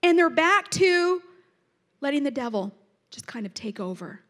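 A woman teaching a Bible passage in a chatty, animated way, reading verses aloud and explaining them with personal asides. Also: high voice, normal speed. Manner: reads scripture aloud then explains it.

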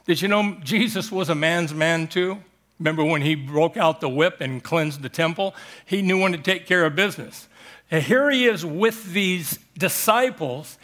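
An emphatic male pastor preaching to his congregation, explaining and pressing his points home. His voice sits somewhat high for a man. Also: fairly bright tone. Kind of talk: sermon.

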